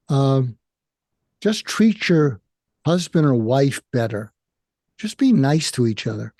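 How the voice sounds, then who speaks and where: An older man with an American accent, a psychiatrist speaking candidly and haltingly about his own feelings in an interview. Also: mid-range voice, very animated, darkish tone, no echo, clean studio sound. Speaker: guest, psychiatrist. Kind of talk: emotional personal conversation.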